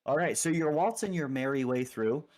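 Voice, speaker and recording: A man's voice: medium pitch, expressive, moderate pace, a little mellow. A man narrating as game master, describing scenes loosely with many fillers. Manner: rambling, filler-heavy description.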